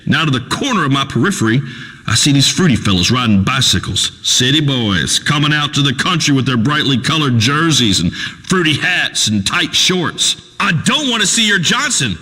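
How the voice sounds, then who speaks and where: A crude, pompous radio host, booming through a long hall reverb. His voice rides high and bright, swinging up and down as he blusters in folksy broken grammar. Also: big pitch swings, moderate pace, slightly rough, heavily acted. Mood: ranting. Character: crude redneck male talk radio host. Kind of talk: comedic radio talk show acting.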